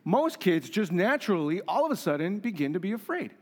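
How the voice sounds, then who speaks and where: A pastor preaching a conversational, emphatic sermon with humor and rhetorical questions. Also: male voice, sits high, sing-song, brisk.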